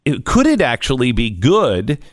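A man's voice: mid-range voice, huge pitch swings, moderate pace, no echo, clean studio sound. A man hosting a radio talk show, talking casually with frequent stumbles and restarts.

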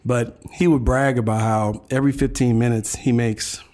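A man, a guest on a casual podcast, telling a personal story in a lively way, full of restarts. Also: mid-range voice, moderate pace. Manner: animated, laughing storytelling with many restarts. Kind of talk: casual chat.

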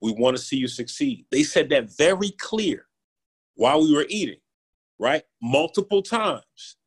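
A man, a podcast guest telling his story in a lively, conversational way, often checking in with "right?". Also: a little high, measured pace, slightly rough. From Philadelphia, USA. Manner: animated, keeps asking "right?", acts out quotes. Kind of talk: casual interview storytelling.

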